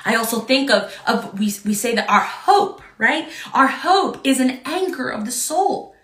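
A woman's voice: high-pitched, expressive, measured pace, fairly bright tone, echoey room. A woman in her thirties preaching a sermon, earnest, often asking "right?" as she quotes scripture.

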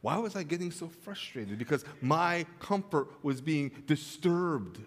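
A man preaching a sermon as pastor, telling a funny home story, then turning soft and earnest. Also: on the high side, unhurried, big-room sound. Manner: storytelling with humor, swings from animated to soft and earnest. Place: church sanctuary.

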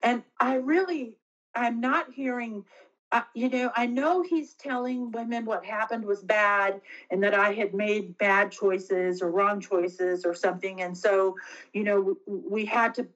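A middle-aged woman, an interview guest, telling a personal story earnestly and haltingly, often restarting her sentences. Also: mid-range voice, steady tone, fairly bright tone, dull audio.

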